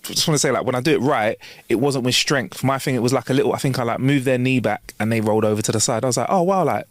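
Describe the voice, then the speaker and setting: A man co-hosting a casual podcast, telling stories with animated bursts and laughs. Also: medium pitch, quick pace, dry recording, clean studio sound. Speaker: podcast co-host.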